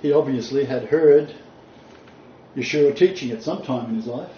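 A man preaching a sermon, reading scripture aloud and stressing key points with deliberate emphasis. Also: medium pitch, dark tone, a little hiss or hum. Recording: distant mic, roomy echo, dull sound.

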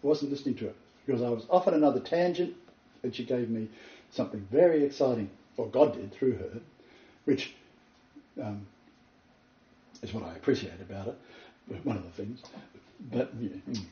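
A man giving an earnest, emphatic Bible teaching, telling a story and building to excited points. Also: medium pitch, moderate pace, long pauses. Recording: roomy, far from the mic, dull lo-fi.

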